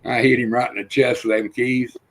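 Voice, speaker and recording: An older man on a livestream panel, telling rough, profane stories and acting out the voices in them. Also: medium pitch, little pitch movement, fairly quick, fairly bright tone. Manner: rough-spoken, swears freely, acts out quotes. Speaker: panel guest. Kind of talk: casual storytelling on a livestream panel.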